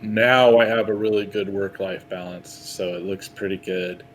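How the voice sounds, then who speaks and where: A man's voice: sits low, steady tone, normal speed, a little hiss or hum, low-quality recording. A man, a guest artist, talking candidly in a casual podcast chat, rambling and laughing often.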